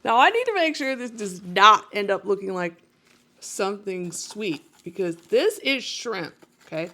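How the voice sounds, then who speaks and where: A woman's voice: medium pitch, sing-song, measured pace, pushed and bright. A woman painter talking casually to viewers as she works, chatty and self-mocking, often laughing at herself.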